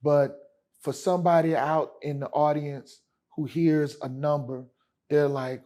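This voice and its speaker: This man's voice is fairly high and mellow, a touch slow, with little rise or fall in pitch. He's a lawyer appearing as a guest in a casual interview, telling stories emphatically and in slang while calling the host "man" and "brother."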